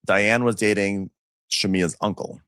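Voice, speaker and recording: A co-host in a casual recap chat, animated, telling the story and doing quotes in high voices. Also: measured pace, dry recording. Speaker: podcast co-host.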